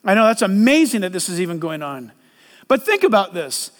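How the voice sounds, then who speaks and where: High-voiced preacher in a reverberant hall. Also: male voice, a little fast. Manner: animated preaching with acted-out quotes. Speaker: pastor. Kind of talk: sermon.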